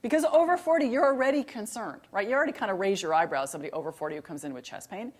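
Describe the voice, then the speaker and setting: A woman's voice: medium pitch, rapid-fire. A middle-aged woman, a professor of emergency medicine, giving a conversational, emphatic lecture to fellow clinicians and posing rhetorical questions to the room. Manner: emphatic, repeats key points. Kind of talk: recorded continuing-education lecture.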